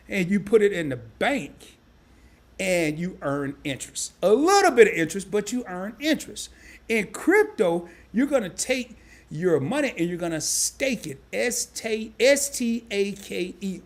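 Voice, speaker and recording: Sharing his screen from home, a man hosting a crypto live stream explains things casually in small steps and tends to say the same points again. His voice sits high with vocal fry.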